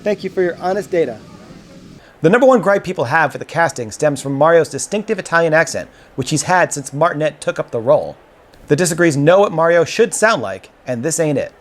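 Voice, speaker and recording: A man's voice: fairly high pitch, animated, brisk. A man hosting a casual street poll at a fan convention, friendly and explaining with playful emphasis. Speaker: host running a street poll. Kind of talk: casual interviewing.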